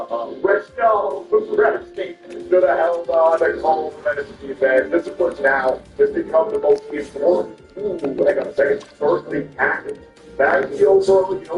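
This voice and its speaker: A man's voice: a little high, a little mellow. A young man commentating his own gameplay, thinking aloud and getting frustrated. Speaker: gaming channel host. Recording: roomy, somewhat distant mic.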